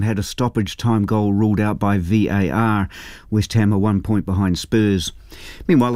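A man with a New Zealand accent reading the sports news in a brisk, formal way. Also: on the low side, a little mellow, no room sound, studio quality. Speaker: sports newsreader.

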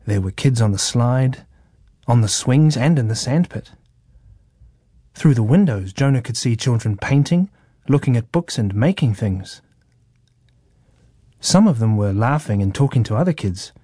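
A man reading a children's story in a calm, measured way. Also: mid-range voice, breathy edge, dry recording, clean studio sound.

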